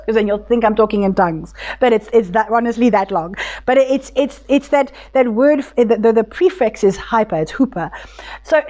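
Woman Bible teacher, higher voice, conversational, lively, lots of restarts. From South Africa. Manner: warm, animated, many restarts, voices God tenderly.

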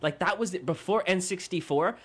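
A man's voice: high-pitched, brisk, slightly rough. A young man co-hosting a radio talk show, telling playful stories in casual chat. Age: young adult. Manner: animated, playful storyteller.

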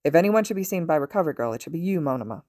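A woman's voice: deep voice, animated, very fast, darkish tone, no echo, studio quality. A woman voicing a stern adult male teacher who speaks firmly and with authority. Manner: firm, authoritative.

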